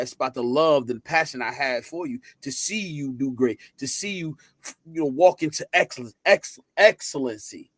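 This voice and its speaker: A man with a fairly high voice speaks earnestly and with passion, stumbling on a word now and then. The sound is dry and close. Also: a bit bright, dry recording. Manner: earnest, passionate, tongue-tied at times. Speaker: podcast panelist, father. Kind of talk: casual chat.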